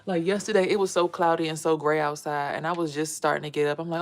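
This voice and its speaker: A woman's voice: low voice, steady tone, fast talker, hardly any pauses. A woman doing a casual, rambling spiritual tarot vlog and talking straight to her viewers. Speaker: tarot reader and spiritual vlogger.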